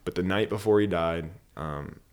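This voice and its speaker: A man's voice: sits low, moderate pace, smooth. A man talking in a casual podcast conversation, telling a personal story earnestly and rambling with many fillers. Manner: earnest, rambling, heavy use of "like". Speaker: podcast guest.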